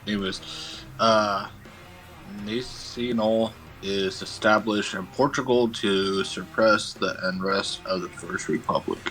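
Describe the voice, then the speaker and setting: A man's voice: fairly low pitch, steady tone, takes it slowly, a bit bright, soft background music, poor audio. A young man as guest in a casual chat, stumbling over hard words and swearing casually.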